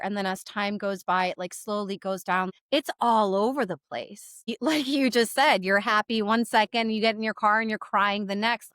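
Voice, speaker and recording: A woman's voice: mid-range voice, a bit bright, smooth, no echo, studio quality. A woman coach co-hosting a podcast conversation, talking frankly and reassuringly and laughing easily.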